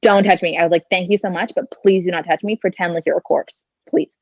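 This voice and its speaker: A woman's voice: on the low side, fast, gravelly, a little mellow, dry recording, dull audio. A woman in her twenties, a podcast guest telling a personal story in a chatty way, leaning on "like" and "kinda" and acting out her own thoughts, speaking into a handheld phone. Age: 20s.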